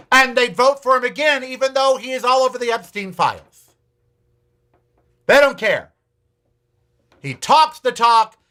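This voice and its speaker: High, bright-voiced man ranting. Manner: profane, sarcastic, repetitive challenges. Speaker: podcast host. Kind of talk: ranting political talk.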